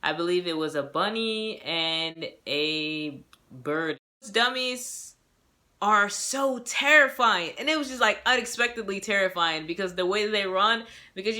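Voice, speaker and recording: A woman's voice: mid-range voice, pushed and bright. A young woman giving a casual movie review, gushing and rambling, laughing and acting out her own reactions. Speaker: movie reviewer and self-published author.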